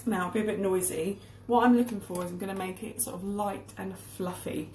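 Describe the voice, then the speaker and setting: A woman's voice: medium pitch, steady tone, a little fast, noisy background. Lady teaching english while baking, chatty, kitchen echo and clanky bowls in the back. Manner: chatty, explains word meanings as she works. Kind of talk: casual cooking demonstration lesson. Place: home kitchen.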